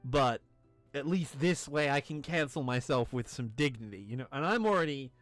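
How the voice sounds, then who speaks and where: A man's voice: medium pitch, expressive, normal speed, a bit bright, no room sound, soft background music. A tipsy man streaming a game, rambling, self-mocking and crude as he talks to his chat. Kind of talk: drunken game commentary.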